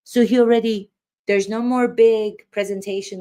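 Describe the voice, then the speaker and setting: A woman's voice: mid-range voice, steady tone, normal speed, mellow. Emphatic woman acting coach. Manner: emphatic, rhetorical questions. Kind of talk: commentary on trial footage.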